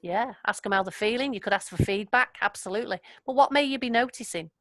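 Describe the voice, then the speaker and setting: A woman's voice: medium pitch, fast, a bit bright, no echo. Woman running an online workshop, chatty, dry close sound, keeps saying absolutely. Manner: chatty, affirming, laughs often. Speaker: workshop facilitator. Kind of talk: online group training session.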